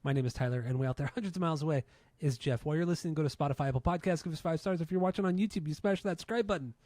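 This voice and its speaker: A man hosting a casual music podcast, talking quickly and chattily with his co-host over a remote link. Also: a little high, a little mellow, no echo. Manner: fast, chatty intro patter.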